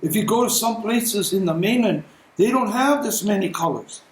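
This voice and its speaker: A man preaching a sermon as a pastor, telling stories conversationally and clearing his throat often. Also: sits high, lively intonation, normal speed, roomy sound, poor audio.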